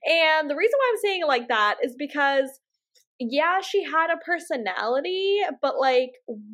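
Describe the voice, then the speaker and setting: A woman co-hosting a podcast, chatting casually with slang, swearing and quick bursts. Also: sits high, sing-song, fairly bright tone. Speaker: podcast co-host. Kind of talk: casual chat.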